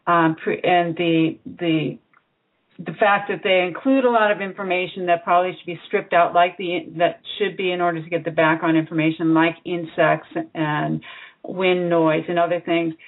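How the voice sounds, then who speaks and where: Low-voiced woman interviewer on phone. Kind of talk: interview questions. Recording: tinny phone line.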